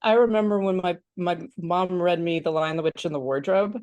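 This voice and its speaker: Lively woman podcast co-host, very dry sound. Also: fairly quick, dry recording, dull audio. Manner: animated, acts out childish protests in a higher voice; frequent laughter and filler words. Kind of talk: casual film discussion.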